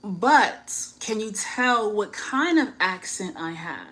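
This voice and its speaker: Woman with a US Northeast accent, unhurried delivery, frank and chatty advice-vlogger with a self-mocking laugh. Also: medium pitch, animated, a bit bright, rough recording. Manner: chatty and frank, many "like" fillers, laughs at herself. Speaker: YouTuber giving dating advice. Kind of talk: casual advice vlog.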